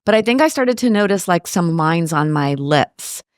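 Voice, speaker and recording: A woman in her late fifties from the United States talks in a lively, chatty way. She tells personal stories with rhetorical asides. Her voice sits somewhat low and sounds close and dry. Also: normal speed, dry recording. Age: 50s. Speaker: guest. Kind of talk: casual interview conversation.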